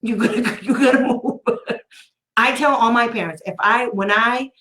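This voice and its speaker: A woman's voice: fairly high pitch, moderate pace, a bit bright, roomy sound. A woman special education advocate telling a story in casual talk, blunt and sarcastic, often laughing.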